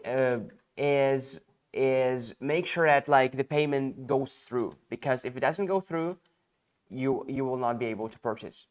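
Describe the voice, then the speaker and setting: A tired man hosting a casual livestream sales pitch, chatty and rambling with lots of fillers and jokes.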